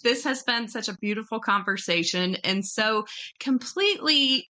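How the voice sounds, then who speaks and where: Bright, effusive woman hosting a podcast. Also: on the high side, lively intonation, moderate pace. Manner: warm-hearted, effusive, gushing thanks. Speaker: podcast host. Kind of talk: casual interview conversation.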